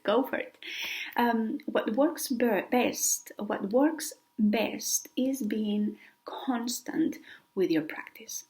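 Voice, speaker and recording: Slow, breathy-toned Spanish-accented woman teacher. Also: fairly high pitch, a little mellow. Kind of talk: online language lesson.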